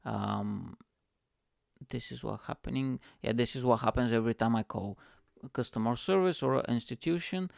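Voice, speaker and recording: A man reads his old comedy set aloud in a self-mocking, profane way, his voice gravelly with fry yet smooth and resonant. The recording is dry and close, with no room sound around him. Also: normal speed, no room sound. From Bulgaria. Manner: self-mocking, swearing, slips into high-pitched voices for quoted people. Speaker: podcast host. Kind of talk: reading a stand-up set aloud.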